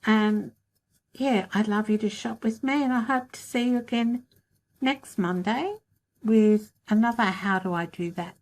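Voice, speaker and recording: A woman hosting a craft tutorial, calmly and practically talking through each step of a demonstration. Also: a little high, a little slow.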